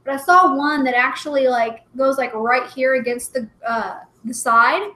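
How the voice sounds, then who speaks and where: Brief: high, bright young woman, giggly rambling chat host, echoey room. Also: normal speed. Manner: giggly, rambling, full of "like" fillers. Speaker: livestream co-host. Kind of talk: casual chat. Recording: roomy echo.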